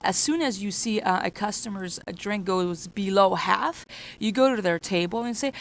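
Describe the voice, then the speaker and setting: A woman's voice: mid-range voice, moderate pace, low-quality recording. A woman training restaurant staff. She talks in a repetitive, coaching way and often acts out exchanges with customers. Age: adult with children. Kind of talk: workplace training talk.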